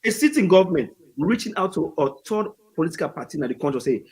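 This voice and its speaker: Hoarse Sierra Leonean man, husky and fairly high, excitable storyteller. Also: fast, low-quality recording. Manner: animated, excitable, mixing Krio and English. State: hoarse after losing his voice. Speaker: guest, party supporter. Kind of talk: emotional talk-show storytelling.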